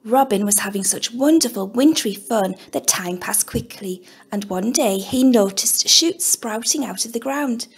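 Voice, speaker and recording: A woman, an early years teacher, gently reading a children's picture book aloud in an unhurried storytelling manner. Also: on the high side, breathy edge.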